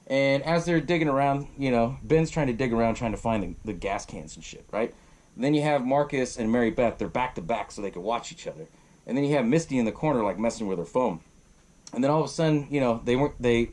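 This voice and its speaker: A man's voice: medium pitch, darkish tone. A young man hosting a podcast, retelling a horror film in a rambling, profane way and acting out the characters' lines. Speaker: podcast host. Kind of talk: casual movie recap.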